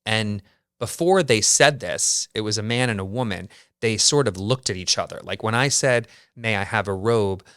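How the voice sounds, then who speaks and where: Male podcast host, low-set smooth voice, dry close sound, wry casual storyteller. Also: animated, moderate pace, fairly bright tone, dry recording. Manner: chatty and wry, heavy use of "like".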